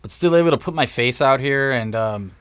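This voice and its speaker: Man, 30s, mid-pitched voice, dry close sound, casual reflective co-host. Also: expressive, brisk, fairly bright tone, clear, resonant tone, no room sound. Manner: easygoing and reflective, with fillers and restarts. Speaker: podcast co-host. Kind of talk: casual podcast chat.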